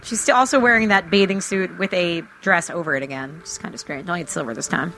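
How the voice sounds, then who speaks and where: A woman chatting casually as she watches a movie with a friend, sarcastic and quick to joke. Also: fairly low pitch, bright, forceful tone, a little hiss or hum, low-quality recording. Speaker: co-host.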